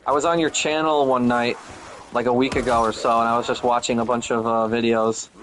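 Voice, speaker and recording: A man's voice: mid-range voice, flat delivery, fairly quick, a bit bright, a little hiss or hum. A young man with a nasal, throaty voice chatting bluntly and swearing while gaming. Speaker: gamer. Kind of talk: casual chat while gaming.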